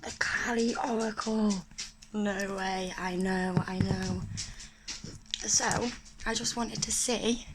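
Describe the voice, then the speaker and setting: A woman vlogging at home, chatting warmly to viewers while opening an oracle deck. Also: mid-range voice, fairly even intonation, slow. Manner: chatty, breathy and gushing, talking to viewers. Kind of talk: casual chat unboxing a tarot deck. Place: home room by a main road. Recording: loud background noise.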